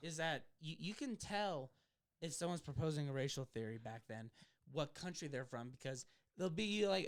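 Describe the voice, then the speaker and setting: Podcast host, man, rambling and argumentative, clear voice. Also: fairly high pitch, lively intonation, moderate pace. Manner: rambling, filler-heavy, argumentative. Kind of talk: casual comedy chat.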